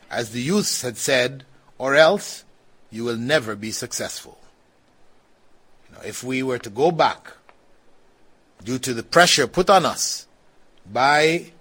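A man giving a relaxed religious lesson, talking conversationally, laughing now and then and often saying "you know". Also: medium pitch, husky. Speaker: Islamic teacher. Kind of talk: religious lecture with questions.

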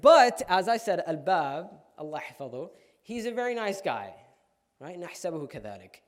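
A man's voice: sits high, normal speed. A man speaking at a religious talk, telling a story to a live audience and often checking in with them. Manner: animated storyteller, keeps asking "right?"; addresses listeners directly.

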